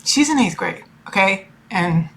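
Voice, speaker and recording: With medium pitch, vocal fry, lively intonation and a measured pace, this tarot reader and life coach in her forties talks about her family in a personal vlog. Her delivery is emotional and meandering, full of fillers and restarts.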